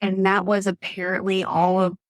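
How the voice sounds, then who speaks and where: A woman, telling her birth story as a podcast guest in an animated way, acting out quotes. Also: mid-range voice, normal speed, no echo. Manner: animated storytelling, acts out quotes, laughs often. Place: Atlanta area.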